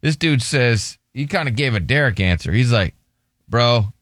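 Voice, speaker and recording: A man's voice: mid-range voice, animated, moderate pace, a bit bright, dry recording, clean studio sound. A man hosting a morning radio show, casually teasing his co-host and reading out listener answers. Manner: joking, teasing, prompts co-host with questions. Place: radio studio.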